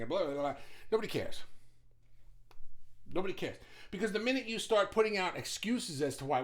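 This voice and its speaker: Animated, blunt middle-aged man. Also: high-pitched, brisk, long pauses. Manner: animated, blunt, swears casually; frequent restarts and stumbles. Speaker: business owner. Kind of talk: casual motivational talk.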